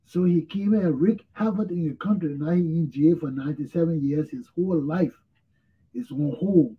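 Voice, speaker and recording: A man's voice: on the high side, normal speed, slightly rough, narrow, tinny audio. A male talk show host, tired and yawning, giving blunt, repetitive commentary on his own. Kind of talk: casual solo commentary.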